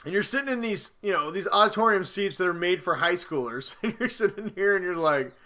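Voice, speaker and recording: A man in his thirties co-hosting a casual podcast, telling stories about his kids with lively retellings of their lines. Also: high voice, fairly quick. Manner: animated storyteller, acts out his kids' lines. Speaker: podcast co-host.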